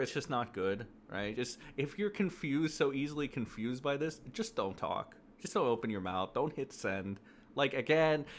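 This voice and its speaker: A man's voice: medium pitch, a little hiss or hum. A man ranting through casual commentary, profane and exasperated, full of fillers and mocking quotes. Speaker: commentary streamer.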